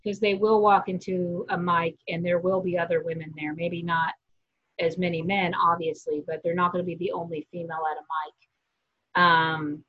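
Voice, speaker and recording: A woman's voice: lowish voice, muffled recording. A woman who organizes a comedy festival, talking earnestly in a casual interview with frequent ums.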